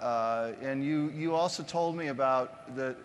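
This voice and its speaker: A man's voice: mid-range voice, a little slow, a little hiss or hum. A man hosting an onstage interview, jokey and loose, with lots of fillers. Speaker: host, interviewer. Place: conference stage before an audience. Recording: long hall reverb from stage.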